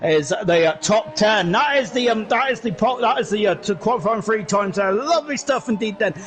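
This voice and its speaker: A man commentating a sim racing league live, excitable and chatty, shouting at the big moments. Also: high voice, brisk. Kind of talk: live esports race commentary.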